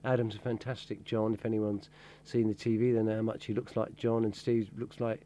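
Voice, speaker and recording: A man's voice: on the low side, little pitch movement, fairly quick, warm tone. A man in a tribute band, chatting casually in an interview, rambling with fillers and laughter.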